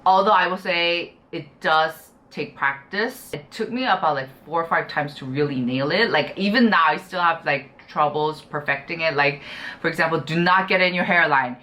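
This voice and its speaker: A woman's voice: low-pitched, normal speed, sharp tone. A young woman chatting casually to camera as she reviews skincare products, gushing and full of "you know" and "like". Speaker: beauty YouTuber.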